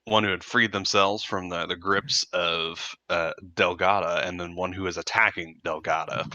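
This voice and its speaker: A man runs a tabletop game in a measured, filler-heavy way. His voice is very deep, with a sharp, bright edge. The sound is dry and somewhat dull. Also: fairly even intonation, no room sound. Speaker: game master.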